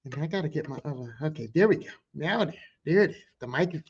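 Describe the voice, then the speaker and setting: A man talks straight into a podcast mic with a high, lively voice that swings up and down. He jokes, swears and tells stories in a loose, animated way. The sound is a little dull and lo-fi. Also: fast, breathy edge. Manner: animated, profane, joking storyteller. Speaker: podcast host. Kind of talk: casual podcast monologue. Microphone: podcast microphone.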